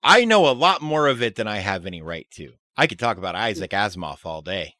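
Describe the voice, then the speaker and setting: A man co-hosting a casual livestream in a lowish, bright voice, roaming up and down in pitch as he lays out sci-fi trivia. His asides are deadpan and nerdy. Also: brisk, no echo. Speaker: stream co-host. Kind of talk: casual stream chat.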